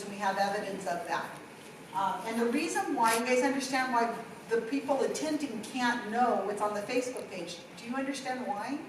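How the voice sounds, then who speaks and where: Middle-aged woman presenter, fairly high voice, animated storyteller; recorded from afar in a very echoey room. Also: recorded from a distance, slight background noise. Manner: animated storytelling with acted-out quotes. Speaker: workshop presenter. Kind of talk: conference workshop talk. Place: conference room.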